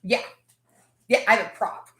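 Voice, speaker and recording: A woman's voice: moderate pace, a bit bright, echoey room. A woman hosting a casual livestream, chatting and greeting viewers by name. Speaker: livestream host.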